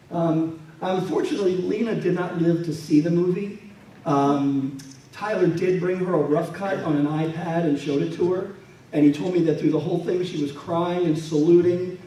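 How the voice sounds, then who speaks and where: Higher-voiced man telling stories, echoey room. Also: dark tone. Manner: storytelling, acts out quoted people. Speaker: guest speaker and military historian. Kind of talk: anecdotal presentation with slides. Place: museum event space. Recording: echoey room from a distant mic.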